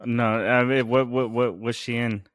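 A man's voice: mid-range voice, fairly even intonation, a little slow, dry recording, clean studio sound. A man in casual chat, listening and asking short curious questions. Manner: brief backchannel, curious questions.

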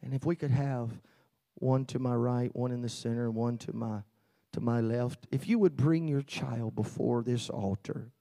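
A male pastor leading a child dedication in a church, speaking in a solemn, measured way that rises with emphasis on the pledges. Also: medium pitch, fairly even intonation, gravelly, mellow. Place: church sanctuary.

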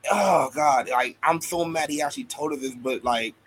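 A man's voice: fairly high pitch, normal speed, a little hiss or hum, poor audio. A man co-hosting a casual wrestling chat, joking around and stumbling over repeated words. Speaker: podcast co-host.

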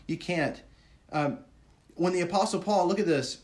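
A man preaching a sermon with earnest feeling. He asks his listeners questions and drops to a hushed, low voice on words of grief. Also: moderate pace.

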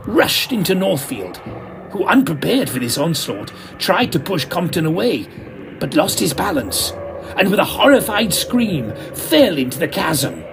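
A man's voice: fairly high pitch, background noise. Theatrical male storyteller. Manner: theatrical and camp. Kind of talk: comic mystery narration.

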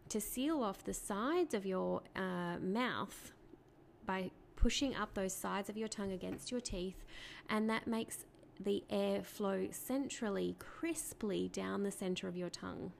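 Woman speech therapist with vocal fry. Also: medium pitch, slow pace, slight background noise. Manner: clear, patient explaining with rhetorical questions. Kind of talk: educational talk to parents.

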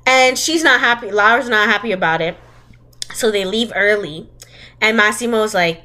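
A woman's voice: medium pitch, moderate pace, sharp tone. A young woman co-hosting a casual podcast, sarcastically recapping a movie's plot, laughing often and acting out the characters' lines. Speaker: podcast co-host.

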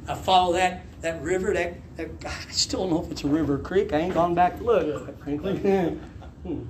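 A man in his fifties, a pastor telling a story from his past in a sermon, animated, laughing and shouting out the lines he quotes. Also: high voice, moderate pace, slight background noise. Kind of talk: sermon testimony. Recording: echoey room with faint ambience.

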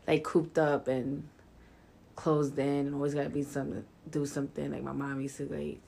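Blunt, laughing young mom. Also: female voice, deep voice, level tone, normal speed, creaky, dark tone, a little hiss or hum. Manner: blunt, profane, laughs often. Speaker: podcast co-host, mother. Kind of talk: casual chat.

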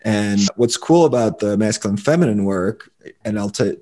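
On a laid-back podcast, a man playing a relationship coach shares his opinions in a relaxed, opinionated manner. His voice sits on the low side and moves at a moderate pace.

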